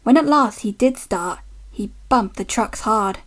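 A woman reading a children's storybook aloud, gentle and unhurried. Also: on the high side, expressive.

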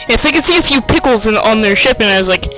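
A man giving let's play commentary, excitable and self-mocking, with sing-song taunts. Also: very high-pitched, low-quality recording. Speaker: gamer.

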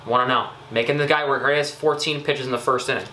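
A young man casually commenting on his own gameplay, chatty and excitable, scolding himself with frequent ums and uhs. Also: medium pitch, fast talker, roomy sound, slight background noise. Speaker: gaming YouTuber.

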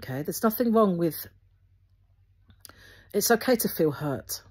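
A woman, speaking earnestly to her viewers with Christian encouragement, gently instructive and often restarting her sentences. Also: lowish voice, expressive, a little slow, breathy edge. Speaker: Christian video host.

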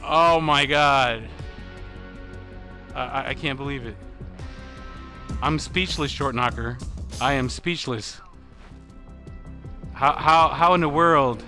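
A man giving excited live commentary on his own video game session, often laughing and repeating exclamations. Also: mid-range voice, slow, long pauses, faint music behind. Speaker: game streamer.

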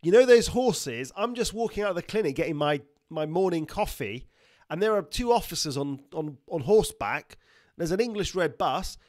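Reading viewer comments on his casual livestream, a middle-aged doctor laughs frequently and slips into joke accents as he chats loosely. His slightly high voice is expressive and darkish at a normal speed, recorded in studio quality without echo.

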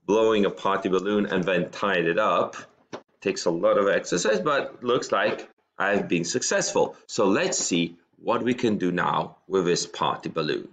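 A man's voice: deep voice, expressive, normal speed, fairly bright tone. Guy teaching a science class from home, patient, explains step by step, keeps asking "okay?". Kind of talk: recorded online science lesson. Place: room at home with a bookshelf.

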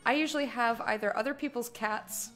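A woman's voice: a little high, brisk, fairly bright tone, faint music behind. Chatty joking woman streamer. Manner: chatty, joking, reads game text aloud. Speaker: game streamer. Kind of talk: casual live-stream commentary.

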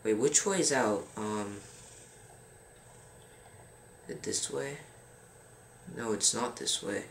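Teen male gaming host, unhurried and rambling, roomy sound with faint hiss. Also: lowish voice, vocal fry, fairly bright tone. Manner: frustrated, rambling, fills pauses with um. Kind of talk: casual gameplay commentary. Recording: roomy with faint background noise.

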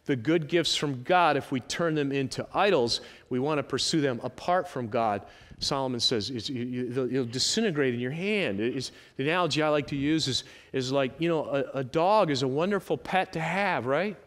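A male pastor preaching a sermon, animated and emphatic, with sudden rises and drops. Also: mid-range voice, moderate pace. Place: church sanctuary. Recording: long church hall reverb.

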